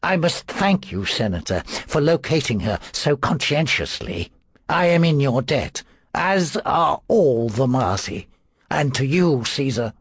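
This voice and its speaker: A man voicing a pompous, solemn male priest in an audiobook, speaking high and drawn out. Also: big pitch swings, measured pace, breathy edge, no room sound, exaggerated voice. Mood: complacent. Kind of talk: audiobook character voice.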